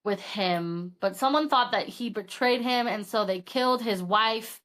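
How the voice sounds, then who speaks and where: A woman's voice: medium pitch, a little slow. A woman co-hosting a podcast, chatting casually about a book and acting out the characters as she retells it. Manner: animated storytelling, acts out characters with swearing. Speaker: podcast co-host.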